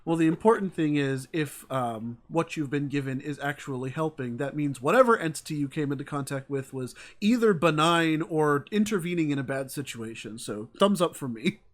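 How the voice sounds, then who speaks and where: A woman with a low voice hosts a casual interview. She makes dry, wry remarks in an easy conversational tone. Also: animated, normal speed, hardly any pauses. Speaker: interview host.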